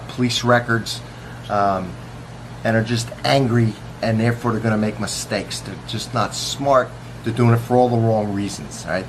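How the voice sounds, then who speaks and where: A police officer talking casually to the camera in a boastful, contemptuous way. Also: male voice, mid-range voice. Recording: noisy recording.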